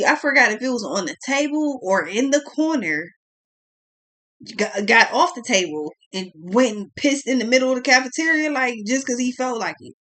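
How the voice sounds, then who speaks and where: A woman's voice: fairly high pitch, a bit bright. A young woman giving a blunt, profane tarot reading, exclaiming as she turns the cards. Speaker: tarot reader.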